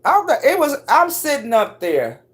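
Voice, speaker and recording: A middle-aged woman telling stories on a casual livestream, cursing freely and leaping up in pitch when she acts out what people said. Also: moderate pace. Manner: profane, animated storyteller who swoops up high for quoted voices. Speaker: live streamer.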